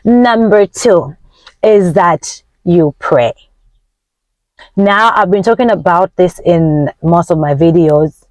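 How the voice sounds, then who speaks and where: An emphatic woman, a Nyanja speaker, coaching her viewers like a self-help preacher. Her voice leaps up and slows right down as she stresses a point. The sound is close and dry, with no room echo. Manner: emphatic and expressive, with big swings in pitch and tempo; preachy, faith-filled encouragement. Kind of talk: motivational vlog talk.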